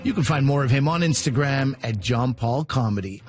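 A male radio host reading scripted introductions between comedy sets in a smooth announcer style. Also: medium pitch, expressive, brisk. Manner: smooth, read announcer delivery. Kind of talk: scripted broadcast links. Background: music bed.

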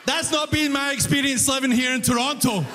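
A man doing a stand-up comedy routine, telling stories with animated energy and laughing along, English not his first language. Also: extremely high pitch, a little fast, big-room sound, background noise. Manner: animated storyteller, breaks into laughter.

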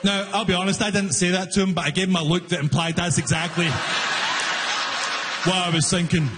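High-voiced man doing stand-up in a hall. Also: brisk, over a noisy crowd. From outside Canada, newly arrived. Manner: animated storytelling, acts out both sides in raised shouting voices. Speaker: stand-up comedian. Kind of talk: stand-up comedy set. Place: live comedy venue with long reverb. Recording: live hall reverb, faint room noise. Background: audience laughter.

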